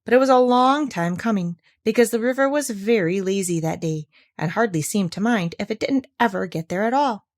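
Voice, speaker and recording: A woman reading a children's storybook aloud, gentle and expressive. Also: mid-range voice, a little fast, hardly any pauses.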